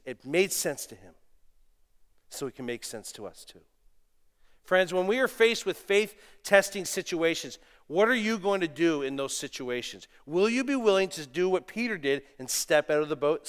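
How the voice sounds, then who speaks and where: A middle-aged man preaching a sermon, animated, moving between loud exclamations and quiet asides, telling stories with self-deprecating humor. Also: fairly high pitch. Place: church sanctuary. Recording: long reverb of a church hall.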